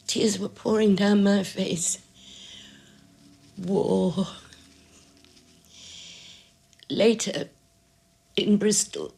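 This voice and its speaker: A frail old woman, gentle but determined, speaking slowly and steadily in a film drama. Her voice sits at an ordinary middle pitch, and she never hurries her words. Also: gravelly, breathy edge, exaggerated voice. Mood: grief-stricken. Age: older. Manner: slow, measured, quietly insistent. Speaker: caller to a radio show.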